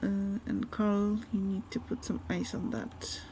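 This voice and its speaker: A woman streamer chatting casually while gaming, relaxed and friendly, greeting viewers by name. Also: mid-range voice, measured pace, slight background noise.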